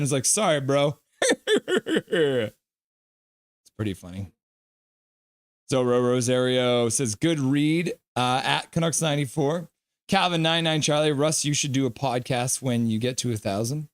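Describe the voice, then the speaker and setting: Reacting to a hockey game on his live stream, a middle-aged man reads viewers' comments with playful humor and bursts into rapid play-by-play calls. His voice is medium-pitched, and the studio-quality recording has no room sound.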